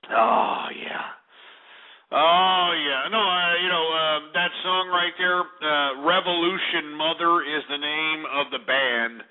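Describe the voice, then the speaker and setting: A man's voice: a little high, steady tone, unhurried, few pauses. A man hosting a call-in radio show, out of breath and panting, rambling and swearing as he talks. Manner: rambling, swearing, tipsy-sounding. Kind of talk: casual call-in radio talk. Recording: tinny phone-line sound.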